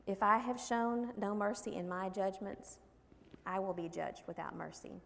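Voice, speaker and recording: Gravelly woman preaching in a hall. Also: mid-range voice, fairly even intonation, normal speed, a little hiss or hum. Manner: folksy storytelling with scripture readings. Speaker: women's Bible study speaker. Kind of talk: sermon. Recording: long hall reverb.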